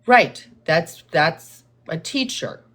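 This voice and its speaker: In a low voice, this woman talks to her livestream audience and replies to chat, unhurried and deliberate. She explains things calmly in a therapist-like fashion, with a measured tone that, according to her, viewers perceive as condescending.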